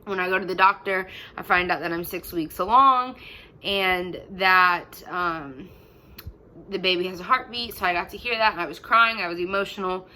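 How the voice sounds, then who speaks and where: A woman's voice: lowish voice, normal speed, pushed and bright, poor audio. Chatty young woman telling her story. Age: young adult. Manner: chatty, full of fillers. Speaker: vlogger. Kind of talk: personal storytelling.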